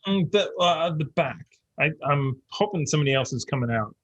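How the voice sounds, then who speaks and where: Halting man player, dry sound. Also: fairly high pitch, lively intonation, a bit bright, no echo, rough recording. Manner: halting, thinking aloud. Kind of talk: casual tabletop game chat.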